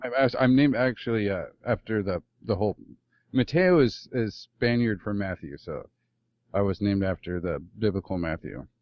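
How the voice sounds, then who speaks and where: A man co-hosting a podcast, trading relaxed banter and laughing often over a remote call. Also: fairly low pitch, moderate pace, muffled recording. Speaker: podcast co-host. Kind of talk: casual chat.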